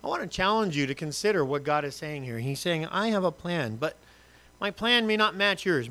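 A man preaching a sermon, reading scripture and acting out voices with humor and lively asides. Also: fairly high pitch, moderate pace. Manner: animated, acts out quotes and asides with humor. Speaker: pastor.

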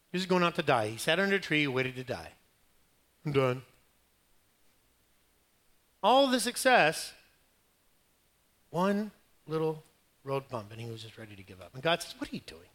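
Bright, lively male preacher. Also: a little high. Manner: animated storytelling, acting out quotes, rising loud at climaxes; conversational and humorous. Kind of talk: sermon.

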